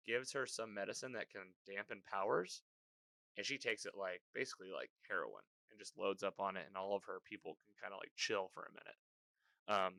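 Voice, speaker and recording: Guy rambling thru a show recap, low bright voice, dry close mic. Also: dry recording. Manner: rambling, filler-heavy storytelling with quick voiced quotes. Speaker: podcast host. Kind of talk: casual recap chat.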